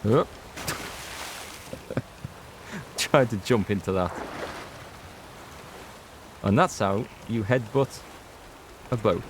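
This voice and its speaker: A lowish-voiced man from North Yorkshire, England, with a North Yorkshire English accent, draws out his words and leaves long pauses. As a let's play gamer, he chats and rambles casually to viewers during gameplay, with background noise present.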